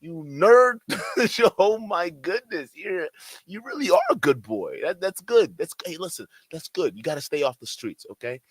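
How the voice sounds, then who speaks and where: A man's voice: fairly high pitch, big pitch swings, a little slow, no echo. A man reacting to a clip with mocking, laughing, profane commentary. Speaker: commentary streamer.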